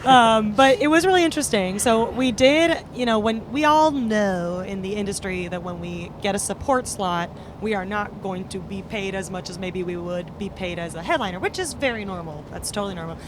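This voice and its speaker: A woman's voice: mid-range voice, normal speed, few pauses. A woman hosting a podcast and telling a band story in a casual, upbeat chat with lots of fillers. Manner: chatty, upbeat, with frequent fillers. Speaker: podcast host and band member. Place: inside a moving van. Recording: road noise from a moving van.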